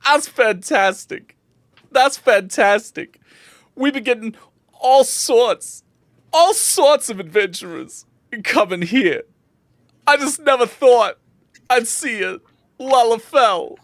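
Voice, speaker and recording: A woman doing a gushing high-voiced bartender man. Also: lively intonation, slow, long pauses, dry recording, clean studio sound. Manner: gushing, astonished, high-pitched. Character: excitable male tavern bartender.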